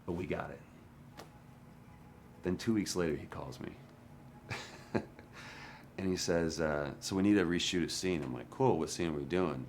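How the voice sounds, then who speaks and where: Very deep-voiced male actor reminiscing. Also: normal speed, pauses often, a little hiss or hum. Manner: frank, drops to a hush at times. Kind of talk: candid interview recollection. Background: music.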